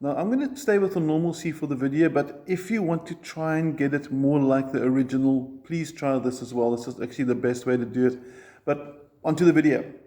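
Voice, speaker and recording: A man's voice: a little high, fairly quick, mellow, faint music behind. A man teaching a ukulele lesson, explaining chord shapes step by step and counting strums aloud. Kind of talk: music lesson.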